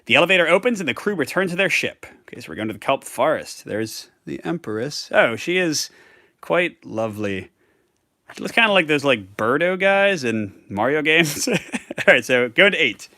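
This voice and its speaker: A man's voice: a little high, sing-song, moderate pace, bright, forceful tone, dry recording, clean studio sound. A man hosting a live tabletop game playthrough, reading cards aloud with chatty asides. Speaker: host.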